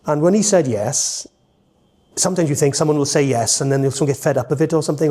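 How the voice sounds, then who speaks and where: A middle-aged Welsh man and entertainer, telling rambling, animated stories in a podcast conversation, full of restarts. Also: a little high, fairly quick. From Wales.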